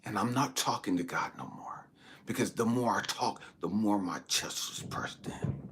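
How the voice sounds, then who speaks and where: A man giving a dramatic personal testimony as a spiritual talk host, swinging from hushed whispers to near-shouts. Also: fairly low pitch, measured pace, slightly rough.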